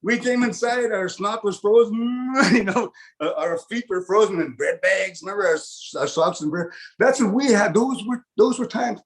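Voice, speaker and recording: A man with a notably high voice performs folksy stand-up comedy. He sounds middle-aged and talks in an animated, storytelling way, often finishing his lines with "eh?". He acts out loud laughter as he goes. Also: moderate pace, few pauses. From Canada. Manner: tags lines with "eh?".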